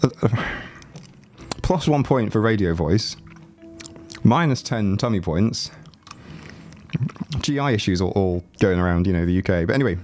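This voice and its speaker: A man with a fairly low voice made rattly by a chest cold talks into a desk mic at home. He rambles and jokes with his livestream audience in a relaxed, chatty way. Faint music plays quietly behind him. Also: moderate pace, pauses often. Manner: rambling, joking, chats with viewers. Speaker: livestreaming YouTuber. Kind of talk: casual livestream chat. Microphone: desk mic, no headphones.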